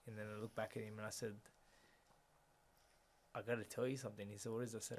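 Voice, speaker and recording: Gravelly young man, quiet and reflective. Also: lowish voice, level tone, fast, pauses often, slight background noise. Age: young adult. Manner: quiet, reflective, often drops softer. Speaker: guest. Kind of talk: personal storytelling in a conversation.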